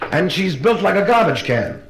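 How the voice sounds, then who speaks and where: Brisk stand-up comedian in a club. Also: male voice, sits high. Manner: brisk joke-telling with punchline timing. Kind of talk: nightclub stand-up routine. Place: live club show before an audience. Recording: live LP recording with distant crowd laughter.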